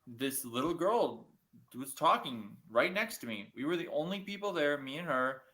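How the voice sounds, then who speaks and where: A man, a paranormal investigator guest, talking casually in an earnest, halting and reflective way. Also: fairly high pitch, expressive, pushed and bright. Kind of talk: casual chat.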